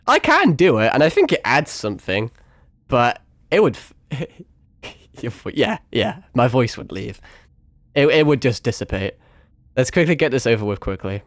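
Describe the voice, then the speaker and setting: A young man streams a game live, chatting casually in a medium-pitched voice with no room sound. His voice is a bit strained after hours of talking, and he swears freely and jokes at his own expense.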